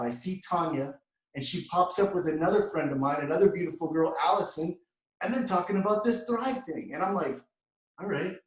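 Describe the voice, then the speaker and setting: A man telling his story as an energetic motivational testimonial, often calling the crowd "guys.". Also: high voice, echoey room, recorded from a distance, poor audio. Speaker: award recipient speaker.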